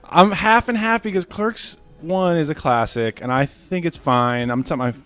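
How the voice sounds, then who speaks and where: A man's voice: a little high, moderate pace, fairly bright tone, clear, resonant tone, faint music behind. A man co-hosting a podcast in casual chat, laid-back and swearing, with lots of fillers. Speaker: podcast co-host.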